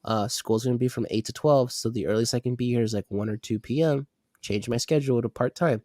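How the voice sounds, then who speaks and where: A man's voice: mid-range voice, a little fast, no room sound, clean studio sound. A man co-hosting a podcast, telling a work story in a casual rant, acting out the quoted lines and swearing, sounding sick and congested. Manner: animated retelling, acts out quoted dialogue, swears. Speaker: podcast co-host.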